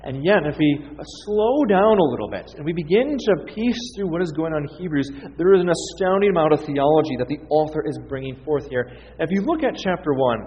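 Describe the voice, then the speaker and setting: A man's voice: on the high side, animated, a little fast. A man preaching a teaching sermon, reading scripture aloud with emphasis. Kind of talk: expository sermon. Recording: dull, reverberant hall sound.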